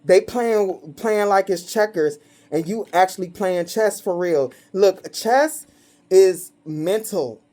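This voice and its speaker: This tarot reader's voice is mid-range and dark, her delivery slow. She keeps it casual but crude and blunt, poking fun at her subjects with obvious glee and frequent bursts of laughter.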